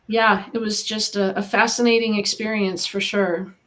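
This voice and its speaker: A woman's voice: mid-range voice, level tone, normal speed, a bit bright. A middle-aged woman from the United States, a guest in an interview, speaking earnestly and encouragingly about her own path. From Eastern Washington, US. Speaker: guest, animal communicator. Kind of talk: podcast interview.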